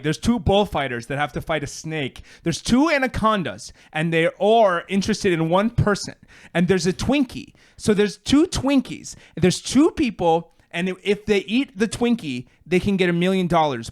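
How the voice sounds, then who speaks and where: A man improvising rambling, absurd video pitches in comedy banter with fellow writers. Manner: rambling, absurd free association.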